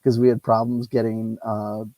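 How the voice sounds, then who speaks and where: A man's voice: fairly low pitch, level tone, moderate pace, mellow, dry recording, rough recording. A man hosting a solo tabletop game on a lapel mic, rambling and ranting, swearing freely. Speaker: solo tabletop game player and channel host. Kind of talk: casual solo game commentary.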